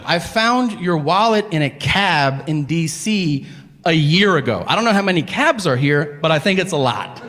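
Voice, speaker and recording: A man's voice: fairly high pitch, animated, moderate pace, fairly bright tone, slight background noise. A male comedian telling a story on stage, exasperated and profane. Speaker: stand-up comedian. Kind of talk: stand-up storytelling. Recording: echoey venue, faint ambience.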